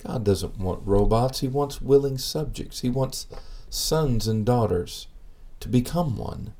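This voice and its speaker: A man preaching a sermon in an earnest, measured way, asking rhetorical questions. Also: mid-range voice, warm tone.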